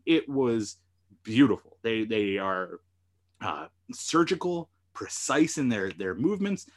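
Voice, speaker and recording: Man animatedly recapping a TV episode. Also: fairly high pitch. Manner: animated, retells scenes with quoted lines. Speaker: podcast host and lawyer.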